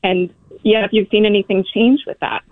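A woman's voice: medium pitch, steady tone, normal speed, dry recording. A young woman calling in to a radio show, speaking earnestly and hesitantly with many fillers. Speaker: caller. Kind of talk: radio call-in question. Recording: tinny phone line.

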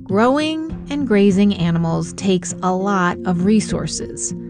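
A woman hosting a radio show, narrating a scripted story in a clear, measured way. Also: medium pitch, animated. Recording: music bed under the voice.

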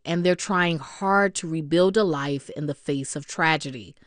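A woman hosting a news program, introducing reports in a clear, composed way. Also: on the low side, dry recording, studio quality. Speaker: news host.

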